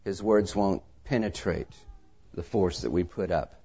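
A man's voice: sits low, measured pace, husky. Preaching man on a dull recording. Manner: preaching with swings between soft asides and raised emphasis; tells anecdotes with acted dialogue. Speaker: pastor. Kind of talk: sermon.

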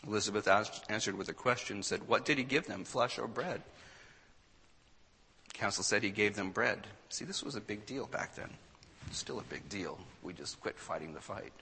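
A man preaching a sermon, retelling an old account with a dramatic delivery that swings from hushed to loud. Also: fairly low pitch, lively intonation, normal speed, breathy edge, in a large hall.

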